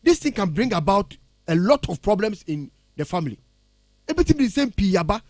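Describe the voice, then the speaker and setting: A man with a Ghanaian accent in heated radio talk, animated and indignant, switching between English and Twi. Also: sits high, fairly quick, dry recording, clean studio sound.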